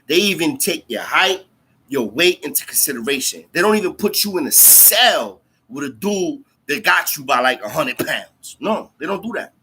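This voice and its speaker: Guy with a husky bright voice, slangy and animated, lots of likes and you feel me. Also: fairly high pitch, normal speed. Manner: slangy, animated, heavy fillers and profanity. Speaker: storyteller recounting jail time. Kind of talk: casual storytelling.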